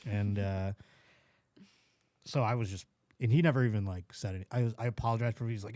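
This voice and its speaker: Animated man telling a comedy story. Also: on the low side, quick pace, long pauses, no echo, clean studio sound. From Buffalo, New York. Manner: animated, acts out scenes with quoted voices and laughs. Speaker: comedian guest. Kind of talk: casual podcast storytelling.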